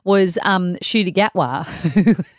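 A woman's voice: fairly low pitch, slow, dry recording, clean studio sound. A woman co-hosting a podcast, presenting a list in chatty, amused banter. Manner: chatty, amused, often laughing. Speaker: podcast co-host.

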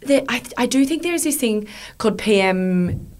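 A woman's voice: fairly high pitch, normal speed. A middle-aged woman hosts a casual chat, telling stories with swearing and frequent laughter. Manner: animated storyteller, swears freely, laughs often. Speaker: podcast host.

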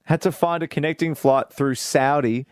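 A man's voice: fairly high pitch, normal speed, clear, resonant tone, no echo, clean studio sound. A man hosting a podcast, chatting casually and playfully, with frequent laughter. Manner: lively, laughs often, playful. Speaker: podcast host. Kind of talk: casual chat.

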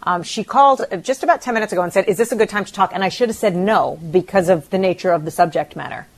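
A woman's voice: medium pitch, slight background noise. Shaken woman radio co-host. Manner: shaken and emotional, halting restarts. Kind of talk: casual radio talk.

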